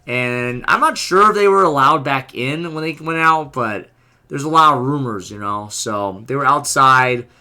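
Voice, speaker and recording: A man casually narrating his vlog, excited and rambling with lots of fillers. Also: medium pitch, normal speed. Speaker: vlogger.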